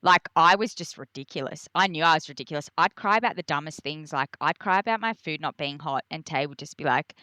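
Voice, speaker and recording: A young Australian woman tells her stories as a podcast guest, slipping into high, animated voices when she quotes herself. Her tone is bright and forceful, recorded close and dry. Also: fairly quick, hardly any pauses, dry recording. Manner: animated, acts out her own past lines in a high voice. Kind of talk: candid conversational storytelling.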